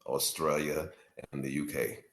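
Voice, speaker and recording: A man's voice: very deep voice, steady tone, a little slow, a bit bright, slight background noise. A man in his fifties, a guest on a casual podcast, joking crudely and swearing freely. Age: 50s.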